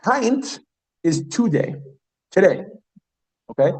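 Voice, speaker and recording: A man teaching an evening class, with a voice a little higher than most men's. He is chatty and repeats new words slowly, often stopping to ask the room questions. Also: expressive, a little mellow, husky, rough recording. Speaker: Yiddish teacher. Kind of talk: classroom lesson.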